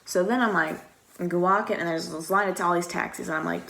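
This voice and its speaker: Low-pitched with vocal fry and a fairly bright tone, a young American vlogger talks fairly quickly through a long story. She rambles casually, says "like" a lot, and performs the quoted conversations.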